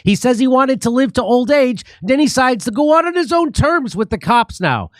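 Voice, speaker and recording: A man's voice: very high voice, expressive, moderate pace. A man hosting a political talk show, sarcastic, building up a list of points one after another.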